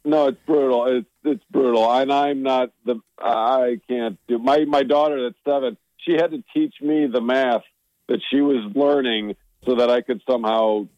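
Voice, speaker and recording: A man in his thirties from Omaha chats over a phone line with a radio morning show. He speaks in a plain, dry, halting way, restarting often and making light of himself. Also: mid-range voice, steady tone, a little mellow, dry recording. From Omaha, Nebraska. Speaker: comedian guest on phone. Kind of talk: casual phone interview. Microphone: phone call.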